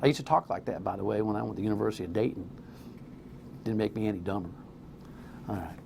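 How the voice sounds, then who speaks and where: Gravelly, blunt talk radio host man. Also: quick pace, noisy background. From New Jersey. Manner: blunt, rambling, pitch jumps when worked up.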